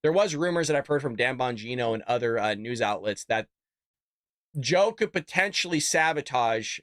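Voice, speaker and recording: A man's voice: medium pitch, animated, normal speed, a bit bright, no echo, studio quality. A man hosting a casual political commentary show, talking in a mocking, sarcastic way and calling his listeners folks.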